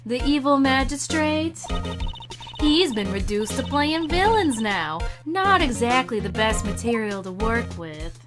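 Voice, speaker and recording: A woman's voice: sits high, expressive, measured pace. A woman voicing a bossy old female security guard who scolds and grumbles about young people, with game music behind her. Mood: grumbling.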